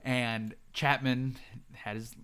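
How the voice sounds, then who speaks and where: A man hosting a podcast, telling a story in an animated way, laughing often and swearing freely. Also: mid-range voice, slow, clear, resonant tone. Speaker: podcast host.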